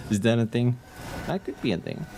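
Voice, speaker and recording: A man streaming a video game, chatting excitedly and reading the game text aloud. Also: medium pitch, noisy background. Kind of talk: casual gameplay commentary.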